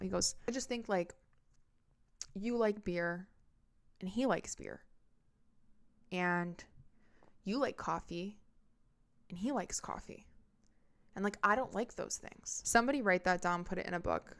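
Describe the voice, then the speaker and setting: A woman's voice: medium pitch, moderate pace, long pauses, a bit bright. A woman in her twenties, a podcast host telling a casual storytime with candid, dramatic retelling and plenty of swearing.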